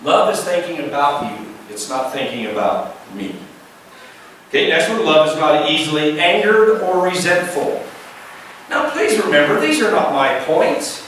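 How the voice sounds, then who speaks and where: A male pastor preaching a lively sermon, asking the congregation questions and acting out the voices he quotes. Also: high voice, moderate pace. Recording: echoey room, mic at a distance, faint background noise.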